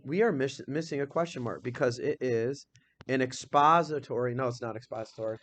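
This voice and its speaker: This medium-pitched man is teaching grammar to a class with lots of energy and cheer. He shoots questions at the students and reads example sentences out at a slow pace.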